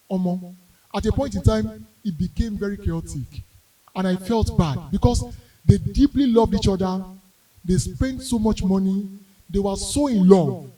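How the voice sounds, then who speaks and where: A young Nigerian comedian with a Yoruba-flavored accent spins his stories in a high, bright voice. He acts out the characters, swinging from quiet asides to shouted wails. He sounds a little distant from the microphone. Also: slightly rough. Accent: Nigerian English with Yoruba. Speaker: stand-up comedian. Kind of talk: storytelling stand-up comedy.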